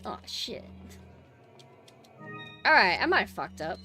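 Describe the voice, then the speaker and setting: A woman streamer giving excitable gameplay commentary, swearing and bursting into shouts. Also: medium pitch, slow, soft background music.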